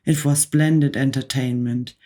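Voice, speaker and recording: A woman reading a children's book aloud as a calm whispered role-play for bedtime. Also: very deep voice, normal speed. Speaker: ASMR book reader.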